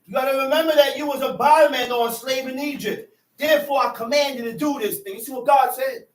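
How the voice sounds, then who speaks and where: High-voiced impassioned man preaching, echoey. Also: fast talker. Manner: impassioned, shouting and near tears at times. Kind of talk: sermon. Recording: echoey room from far off.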